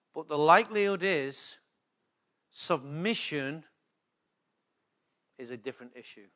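A man's voice: a little high, fairly bright tone. A man preaching a sermon as pastor, often putting rhetorical questions to the congregation.

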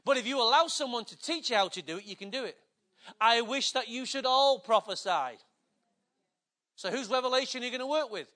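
An older man preaching a sermon, emphatic, swinging between loud declarations and hushed, low passages. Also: animated, a little fast.

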